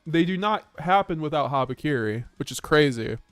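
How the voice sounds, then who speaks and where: A man's voice: a little high, lively intonation, moderate pace, dry recording, faint music behind. A man streaming a card game live, chatting casually to his viewers and often restarting mid-sentence with little chuckles. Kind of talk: live-stream gameplay commentary.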